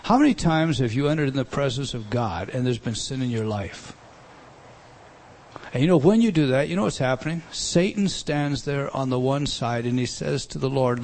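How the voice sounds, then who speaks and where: A man preaching a sermon, emphatic, with loud bursts, quiet asides and many rhetorical questions. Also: mid-range voice, a little fast.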